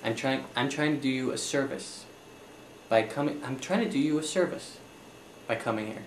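A man's voice: medium pitch, moderate pace, reverberant, slight background noise. A young man playing a flustered, apologetic accountant in an improvised comedy scene.

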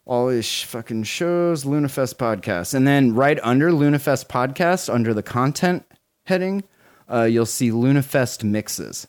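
Excitable man in his forties, lively pitch. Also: unhurried. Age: 40s. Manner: excitable, swearing a lot, laughing. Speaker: podcast co-host. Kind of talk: casual podcast chat.

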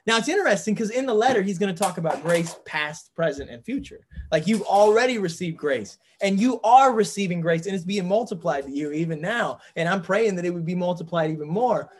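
A man's voice: high voice, animated, a little fast, few pauses, breathy edge. Earnest man teaching scripture. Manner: earnest, thinks aloud with fillers and restarts. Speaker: pastor leading a Bible study. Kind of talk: discussion-group teaching.

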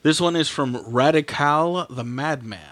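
A man's voice: a little high, unhurried, fairly bright tone. A man co-hosting a podcast, reading listener reviews aloud in a playful, casual way. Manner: playful, laughs while reading.

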